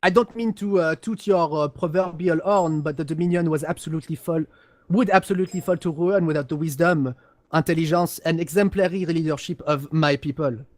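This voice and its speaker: A man's voice: on the high side, brisk, darkish tone, no echo, natural voice. A man voicing an arrogant, snobbish male aristocrat with a French accent, condescending and insulting, over voice chat. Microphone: voice chat headset.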